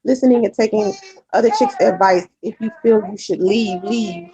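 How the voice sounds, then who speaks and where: Over some background noise, a woman with a mid-range voice chats at a moderate pace with her viewers, answering their comments. She's open and talkative, swears a lot, and wanders through her thoughts with plenty of fillers and repetition.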